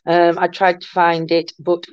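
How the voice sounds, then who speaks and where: A woman's voice: fairly low pitch, monotone, unhurried, clean tone, no echo. An older woman, hosting a casual livestream, chatting and greeting viewers with endearments. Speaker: livestream host. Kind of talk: casual live chat reading comments. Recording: muffled lo-fi dry room sound.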